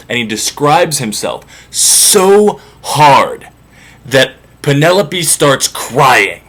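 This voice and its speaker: A man's voice: medium pitch, big pitch swings, drawn-out words, a bit bright. A man retelling an old myth as comedy, casual, irreverent and profane. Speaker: storyteller.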